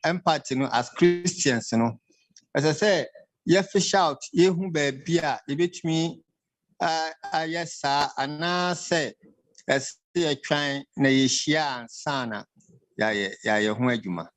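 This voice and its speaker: A Ghanaian man calling in to a radio talk show and asking questions, halting and switching between Twi and English. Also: on the high side, poor audio.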